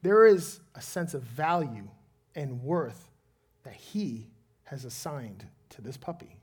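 This man, a preaching pastor and dad to a small child, tells an animated story from his own life and then slows down to pray earnestly. His pitch is medium and his tone husky.

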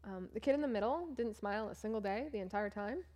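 A young woman talks about her teaching trip in a loose, chatty way. Her speech is peppered with "like" and "um", and she slips into the voices of the people she quotes. Her pitch sits in a middle range for a woman. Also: expressive, quick pace, darkish tone. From United States. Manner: chatty, full of "like" and "um", acts out what others said. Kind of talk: casual storytelling talk over photos.

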